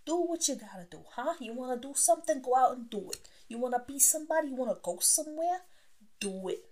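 A woman's voice: high-pitched, lively intonation, fast talker, a little mellow, pitched above the performer's own voice. A woman putting on a pushy Italian-American tough-guy voice with a mock Italian accent, giving an insistent pep talk. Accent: put-on Italian.

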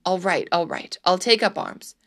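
A woman's voice: medium pitch, lively intonation, moderate pace, a bit bright. A woman voicing a frightened, reluctant middle-aged peasant man made governor, pleading and protesting.

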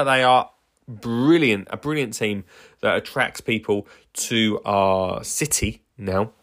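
Man, podcast host, chatty ramble, eager, full of ums and restarts, medium-pitched voice. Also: a bit bright. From England. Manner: rambling and enthusiastic, many fillers and restarts. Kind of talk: casual solo podcast monologue.

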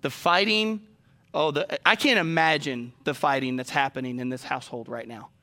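A man's voice: on the high side, steady tone, normal speed, pushed and bright. A man preaching a sermon, telling stories and addressing the congregation directly. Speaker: pastor.

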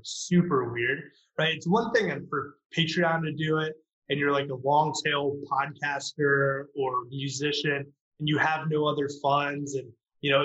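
Animated startup founder, roomy dull sound. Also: male voice, medium pitch. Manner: animated, fast storytelling with acted-out quotes. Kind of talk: casual podcast storytelling.

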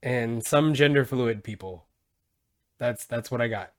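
A man hosting a podcast, joking and swearing in loose, animated banter. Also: medium pitch, measured pace, no room sound, clean studio sound. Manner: animated, profane, jokey. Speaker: podcast host. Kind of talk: casual podcast chat.

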